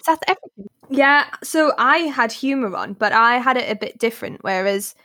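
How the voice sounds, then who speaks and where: A young woman at university co-hosting a casual podcast chat, bubbly and quick to giggle, who calls herself shy. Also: on the high side, animated, sharp tone. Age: young adult. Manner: bubbly, giggly, shy by her own words. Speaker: podcast co-host.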